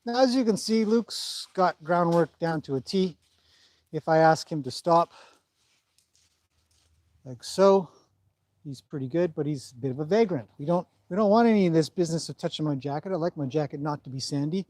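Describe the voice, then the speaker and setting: A man's voice: fairly high pitch, moderate pace, a little mellow, no room sound. A man who trains horses, chatting casually through a livestream, rambling and breaking off to talk to his horse.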